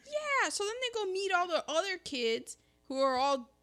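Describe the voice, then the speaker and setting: A woman co-hosting a casual chat, recapping a story with lively energy and acting out the characters' lines. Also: very high voice, normal speed. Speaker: podcast co-host.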